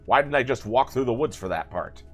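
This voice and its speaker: A man's voice: medium pitch, lively intonation, brisk, faint music behind. A man hosting a let's play video, commenting playfully and sarcastically with jokey asides. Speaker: gaming video host.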